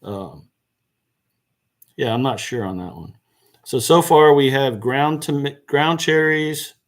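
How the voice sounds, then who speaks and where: A man's voice: medium pitch, slow. Chatty man hosting a live stream. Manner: chatty, answers viewer questions, self-correcting. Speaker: gardening channel host. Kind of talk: casual live-stream chat. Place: indoors by a seed box.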